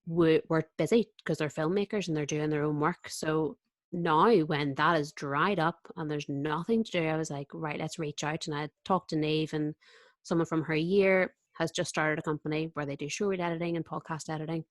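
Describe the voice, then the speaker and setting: A woman with a notably low-pitched voice talks casually as a podcast guest, telling a story with animation and voicing her own thoughts along the way. The sound is dry and close, with no room echo. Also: normal speed. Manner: lively storyteller, acts out her own inner voice. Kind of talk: casual chat.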